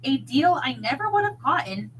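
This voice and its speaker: A woman's voice: high-pitched, very animated, moderate pace, slight background noise, poor audio. A woman reading the part of a smug, ambitious male stand-up comic who sneers at the people around him. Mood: boastful.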